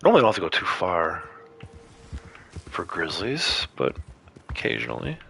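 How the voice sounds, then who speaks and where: A man with a bright, forceful tone and a lowish pitch chats casually through a gameplay livestream. He talks to his viewers as he plays, loose and conversational. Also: sing-song, normal speed, vocal fry, slightly rough, faint music behind. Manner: chatty, talks to viewers while playing.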